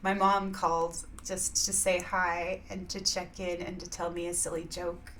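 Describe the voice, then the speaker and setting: Slow, rambling woman vlogger. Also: on the low side, flat delivery, a bit bright, a little hiss or hum. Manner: rambling, laughs often, many filler yeahs. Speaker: vlogger sharing spiritual reflections. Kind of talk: casual chat.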